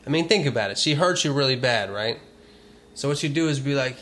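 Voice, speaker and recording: A man's voice: medium pitch, lively intonation, fairly bright tone, a little hiss or hum. A man hosting a casual podcast, joking crudely and riffing on silly scenarios. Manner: crude, joking, quick to riff. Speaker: podcast host.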